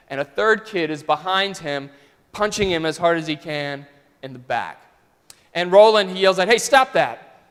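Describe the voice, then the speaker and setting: A man preaching in a church sanctuary, telling a story in a smooth, resonant voice that sits a little high for a man. He shifts between loud and soft passages as he tells it, and long church reverb rings after each phrase. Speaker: pastor. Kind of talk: storytelling sermon.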